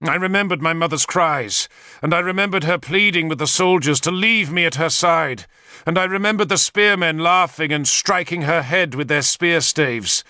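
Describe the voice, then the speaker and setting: A man's voice: on the high side, moderate pace, sharp tone, no room sound, clean studio sound. A man reading an audiobook aloud in first-person scripted narration, with an intense, dramatic storytelling manner.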